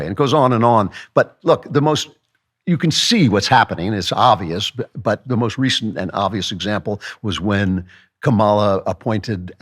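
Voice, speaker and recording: A man's voice: on the low side, moderate pace, a bit bright. A male host delivering a sarcastic, emphatic political opinion monologue with mocking asides.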